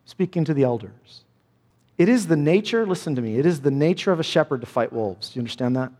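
A man's voice: fairly high pitch, animated, fast talker, warm tone, long reverb tail. A man preaching a sermon as pastor, earnest and emphatic, repeating his key phrases.

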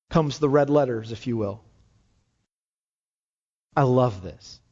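A pastor preaching a sermon, earnest and rising to fervent exhortation. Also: male voice, a little high, darkish tone. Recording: dull lo-fi sound.

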